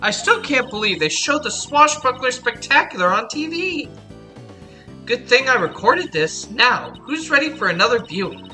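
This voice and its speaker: A woman's voice: a little high, very animated, moderate pace, pushed and bright, faint music behind, pitched above the performer's own voice. Woman playing a peppy young lady lawyer. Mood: excited. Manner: peppy, gushing.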